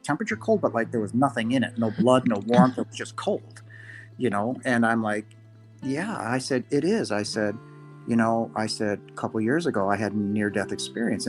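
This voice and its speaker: Earnest man telling a personal story. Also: mid-range voice. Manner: earnest, halting, many restarts and quoted asides. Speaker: podcast guest.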